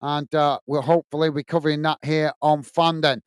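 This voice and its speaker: A man's voice: a little high, little pitch movement, a little fast, smooth, no room sound, studio quality. A man hosting a football watch-along, chatting casually and reading out viewer comments, full of filler uhs and calling everyone mate. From England. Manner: casual and chummy, many filler uhs, calls people mate. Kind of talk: live stream chat reading.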